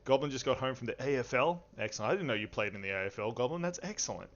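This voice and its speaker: A man's voice: medium pitch, lively intonation, very fast, fairly bright tone. A man hosting a livestreamed tabletop game as game master, playful and rambling as he welcomes players and chat. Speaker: game master and stream host. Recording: dull lo-fi stream audio.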